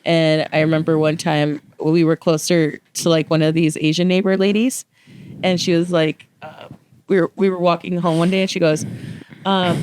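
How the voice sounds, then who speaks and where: A woman's voice: on the low side, flat delivery, normal speed, a little mellow, slight background noise. A woman in her twenties co-hosting a podcast, telling a story expressively and acting out the voices of the people in it. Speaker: podcast co-host. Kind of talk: casual chat.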